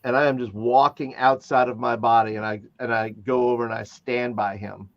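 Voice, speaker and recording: A man playing a tabletop game, explaining his moves in a hesitant, halting way. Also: medium pitch, steady tone, creaky, muffled recording. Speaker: player.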